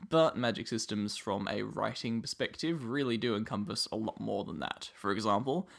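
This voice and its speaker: Australian man with a lowish voice explaining. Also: moderate pace, gravelly, fairly bright tone. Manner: explains at length with many ums. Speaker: podcast host. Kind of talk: casual explanatory chat.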